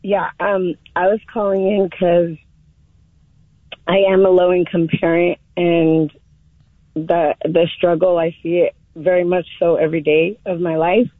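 A woman calling in to a radio show, emotional and halting, with many restarts. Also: fairly low pitch, level tone, no echo. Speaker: caller. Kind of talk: call-in radio chat. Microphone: phone. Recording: tinny phone line.

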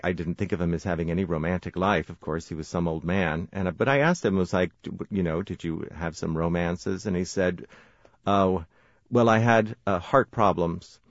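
A man's voice: deep voice, no room sound, dull audio. An American man, an author guest on a radio interview, telling stories and laughing often. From United States. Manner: warm storytelling, laughs often.

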